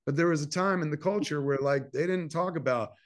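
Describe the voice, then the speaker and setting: A man in his fifties from New Jersey, a filmmaker telling a long personal story in a casual interview. He swears freely and acts out quoted dialogue in animated bursts. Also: fairly high pitch, a little fast. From New Jersey, USA. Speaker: filmmaker guest.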